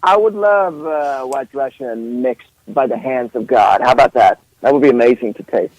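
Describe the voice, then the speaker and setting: A man's voice: medium pitch, moderate pace, darkish tone, dry recording, rough recording. A man whose first language is Swedish, a musician guest on an internet radio interview, talking playfully with fillers and frequent laughs.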